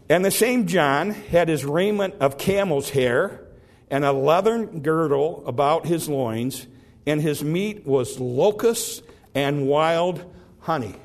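Folksy preacher man, slightly high voice. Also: darkish tone. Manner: folksy, repeats and restarts words, slows on scripture. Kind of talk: sermon, Bible teaching.

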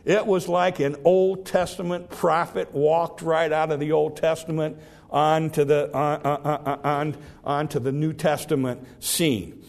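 A man preaches in a folksy, conversational way, his voice sitting a little high for a man. He stumbles and repeats words now and then, and draws out the scripture he reads aloud. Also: little pitch movement, unhurried, creaky, a little mellow. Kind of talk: sermon, Bible teaching.

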